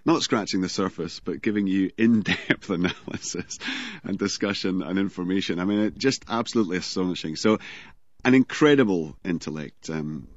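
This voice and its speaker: Man, low voice, admiring interviewee; dry, close, slightly muffled sound. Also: normal speed, no echo. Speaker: interviewee recalling a colleague. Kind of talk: reminiscing interview.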